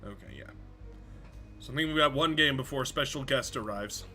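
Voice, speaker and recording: Male streamer, bright and forceful tone, rambling casual delivery with restarts, faint music underneath. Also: medium pitch, moderate pace. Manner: rambling, stumbles over words, swears casually. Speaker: game streamer. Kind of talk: casual live-stream commentary.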